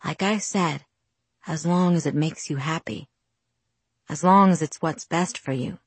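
A woman voicing a calm, gently teasing young male vampire, reading him in a low, soothing voice. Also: moderate pace, no room sound, lightly acted.

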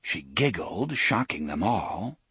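A man narrating an audiobook in a measured, deliberate way. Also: sits low, very animated, pushed and bright, husky, dry recording.

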